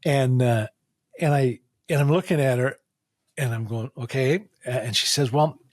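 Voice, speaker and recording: A man's voice: mid-range voice, normal speed, no room sound. A man guest in an interview, telling a patient story animatedly and acting out the dialogue. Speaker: guest, facial diagnosis practitioner.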